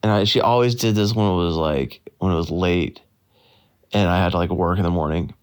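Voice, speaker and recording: A man telling a casual personal story in a slow, easygoing way. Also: low-pitched, fairly even intonation, smooth.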